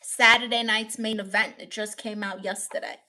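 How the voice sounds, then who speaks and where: Bright, playful Brooklyn woman. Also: medium pitch, fairly even intonation, moderate pace. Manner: playful, laughs often, trying silly accents. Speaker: livestream host reading chat. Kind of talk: casual comedic livestream chat.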